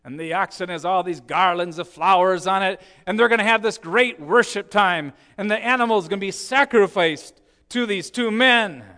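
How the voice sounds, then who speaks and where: A man preaching a sermon, telling the story with swings from hushed, slow lines to emphatic ones. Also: sits high.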